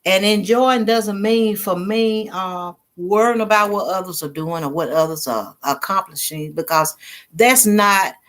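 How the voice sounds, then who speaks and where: A woman's voice: medium pitch, measured pace, a bit bright. Middle-aged woman with a drawl, hosting a loose, chatty livestream for her viewers. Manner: chatty, laughs easily, reads comments aloud. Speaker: livestream host. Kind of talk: casual live chat with viewers.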